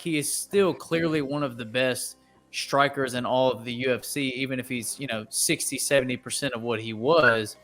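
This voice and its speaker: A man co-hosting a sports podcast, giving a confident, steady breakdown of the fights. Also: mid-range voice. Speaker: podcast co-host. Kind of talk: casual sports analysis.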